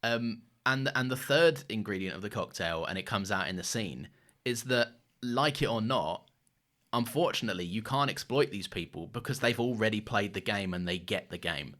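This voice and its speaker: Male podcast co-host, lowish voice with a bright edge, animated, swears a lot. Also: moderate pace. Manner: animated, swears freely, laughs often. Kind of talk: casual film discussion.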